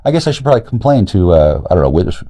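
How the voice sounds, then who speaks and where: A man in a rambling, profane monologue, agitated and jumping between loud outbursts and low mutters. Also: very animated. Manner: profane, agitated, rapid loud and quiet swings. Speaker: streamer talking to camera.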